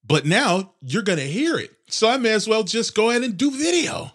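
A young man in his twenties hosting a casual solo podcast, rambling and sarcastic with heavy swearing, his nose congested and clearing his throat. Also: high-pitched, big pitch swings, moderate pace, a bit bright. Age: 20s. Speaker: podcast host.

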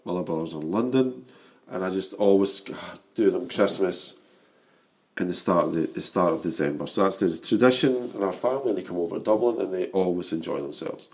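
Animated Scottish man in his forties. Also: low-pitched, a little fast. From Scotland. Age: 40s. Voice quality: animated, laughing storyteller. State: losing his voice. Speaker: podcast co-host. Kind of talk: casual football chat.

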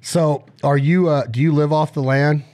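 A man hosting a casual interview, teasing and rambling through rapid-fire questions. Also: a little high, steady tone, dark tone, no echo, studio quality. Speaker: podcast host.

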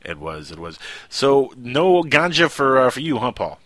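A man hosting a radio show, chatty storyteller who drops his voice low for asides. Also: sing-song, a little slow, a bit bright, no room sound. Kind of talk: casual radio chat.

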